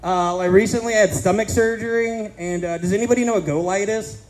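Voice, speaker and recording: Brief: male stand-up comic, thirties, fairly high voice, crude self-mocking set, punchy timing. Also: steady tone, a little fast, a little mellow, low-quality recording. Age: 30s. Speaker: stand-up comedian. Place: casino comedy stage.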